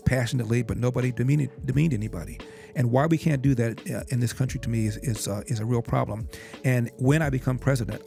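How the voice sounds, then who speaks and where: A man's voice: mid-range voice, gravelly, dark tone. An older man recounting a family story as a podcast guest, quoting his father in direct speech. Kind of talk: storytelling in an interview. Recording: music bed behind the voice.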